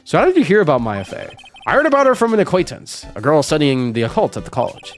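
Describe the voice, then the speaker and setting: A man putting on a gruff, blustering middle-aged man from a video game, who talks brashly and fast. Soft game music sits under the voice. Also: fairly high pitch, huge pitch swings. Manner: brash, rapid-fire, blustering.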